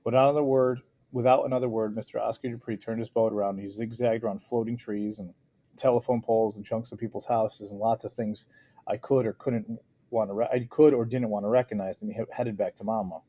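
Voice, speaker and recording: A man's voice: lowish voice, fairly even intonation, fairly quick, warm tone, dull audio. A man reading a novel aloud in an unpolished way, with frequent restarts and small slips. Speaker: audiobook reader.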